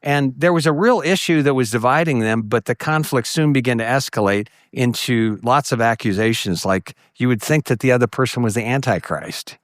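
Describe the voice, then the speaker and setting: A middle-aged man speaks to a conference of ministry workers, telling stories and voicing the people in them. His voice sits in an ordinary middle pitch. The sound is dry and close, with no room echo. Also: normal speed, hardly any pauses. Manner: storytelling, acts out quoted voices with jumps in pitch.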